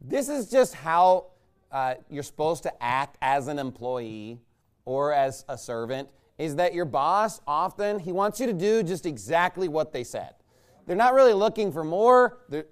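A man's voice: on the high side, sing-song, moderate pace. A man preaching a conversational sermon in a folksy, rambling way, checking in with the congregation with rhetorical questions. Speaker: pastor.

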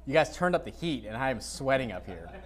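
A man preaching an informal sermon to a congregation, reading scripture and adding blunt, dismissive asides while often clearing his dry throat. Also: medium pitch, very animated, fast, faint music behind. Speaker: pastor. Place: church sanctuary, speaking to a congregation.

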